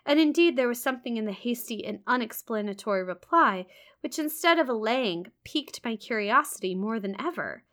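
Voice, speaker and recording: A woman reads a classic first-person novel aloud, expressive and engaged. Her voice is fairly high and bright, with a sharp, clear edge. Now and then she breaks off into casual, amused asides. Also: a little fast. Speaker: reader.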